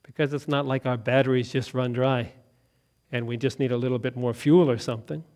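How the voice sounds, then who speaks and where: A man preaching an evening sermon, swinging from loud emphatic lines to quiet hushed ones, laughing now and then and asking his listeners questions. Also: mid-range voice, steady tone, brisk. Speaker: pastor.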